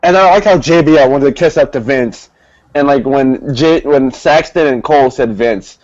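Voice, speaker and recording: A man's voice: mid-range voice, moderate pace, darkish tone, no echo, muffled recording. A man co-hosting a casual wrestling review, explaining and speculating about storylines. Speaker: co-host. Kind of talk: casual chat.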